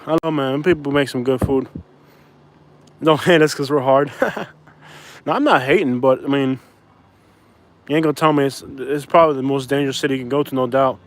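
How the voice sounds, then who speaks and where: A man's voice: medium pitch, a little fast, long pauses. A man from Florida rambling in casual chat while driving, talking to viewers and his passenger. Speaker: vlogger. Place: car.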